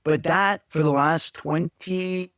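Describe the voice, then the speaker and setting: A man's voice: a little high, steady tone, unhurried, a bit bright, dry recording, clean studio sound. Rambling, self-correcting male podcast host. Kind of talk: casual podcast chat.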